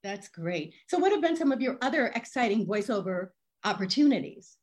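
A woman's voice: medium pitch, big pitch swings, brisk, a little mellow. A woman hosting a casual interview, reacting with enthusiastic exclamations. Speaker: interview host.

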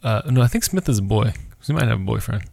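A man in casual podcast chat, telling lively anecdotes and acting out quoted voices. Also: on the low side, quick pace, gravelly, no room sound. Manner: animated storyteller, acts out quoted voices.

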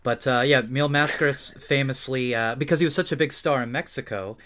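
A man's voice: medium pitch, fairly quick, a bit bright. Laid back guy asking interview questions, medium voice, chatty.

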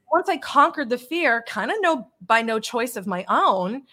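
A woman talking over a video call, her voice sitting a little high. She tells stories bluntly and with lots of energy, dropping mild curses along the way. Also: measured pace. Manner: blunt, animated storytelling with mild swearing. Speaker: interview guest. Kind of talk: casual interview chat.

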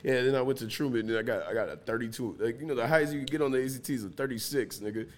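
A man's voice: medium pitch, rapid-fire. A young man, a podcast guest, telling stories in casual chat with lots of slang, swearing and laughter. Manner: animated, laughing storyteller with heavy slang and swearing.

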